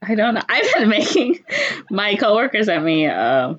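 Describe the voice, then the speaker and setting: A woman's voice: mid-range voice, wildly swooping pitch, normal speed. A woman co-hosting a casual podcast, giggly and playful. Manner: giggly, playful, trying on silly accents. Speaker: podcast co-host. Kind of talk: casual chat. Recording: muffled lo-fi podcast audio.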